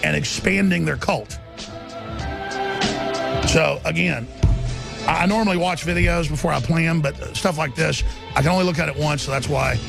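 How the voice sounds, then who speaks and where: A man hosting a talk radio show, delivering an impassioned, ranting monologue that keeps rising to shouts. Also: on the high side, moderate pace, creaky, long pauses, music in the background.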